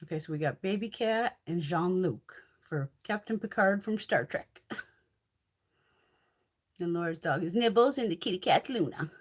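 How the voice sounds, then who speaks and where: A woman's voice: lowish voice, expressive, normal speed. A talkative woman hosts a casual livestream and swears freely as she chats with her viewers. Her voice swings up and down a lot while she talks. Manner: chatty, profane, reads and answers viewer comments. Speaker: livestream host.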